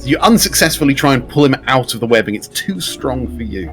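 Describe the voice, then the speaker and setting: A man's voice: medium pitch, expressive, fairly quick, fairly bright tone, faint music behind. A man running a tabletop game as game master, describing scenes in an easygoing way and asking the players what they do.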